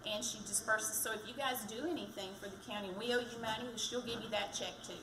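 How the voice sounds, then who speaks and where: A woman's voice: a little high, fairly even intonation, fast. A woman giving a chatty, self-deprecating campaign speech for county treasurer at a community event. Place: fire department community event. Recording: echoey, distant mic, background noise.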